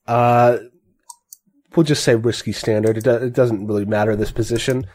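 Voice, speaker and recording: Halting male game master. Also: medium pitch, fairly even intonation, a little mellow. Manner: halting, self-correcting narration. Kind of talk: narrating a tabletop game.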